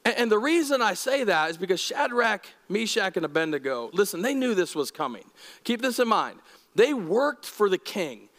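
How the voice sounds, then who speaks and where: A male pastor with a high voice preaches at a normal pace in a conversational, animated sermon, repeatedly posing questions to his listeners. The long echo of a church hall rings around his words.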